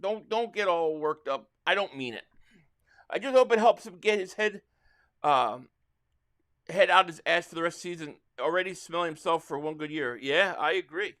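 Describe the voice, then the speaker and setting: On the high side and animated, with a slightly bright tone and moderate pace, this man hosts a live football reaction stream. He's from around Philadelphia and rambles frustratedly as a fan while reading super chats.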